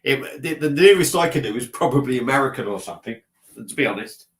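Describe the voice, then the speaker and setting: A man's voice: mid-range voice, lively intonation, quick pace. Brief: guy on a casual home live stream, stuffy-nosed, rambling and self-deprecating into a laptop mic. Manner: rambling, self-mocking, chatty, reading out comments. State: slightly stuffy nose. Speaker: beer vlogger live-streaming. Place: at his desk at home.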